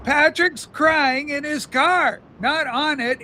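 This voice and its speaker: A man's voice: very high voice, slow, pushed and bright, slight background noise. A man hosting a casual livestream from his car, reading chat aloud in a mock-solemn, playfully exaggerated way. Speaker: livestream host.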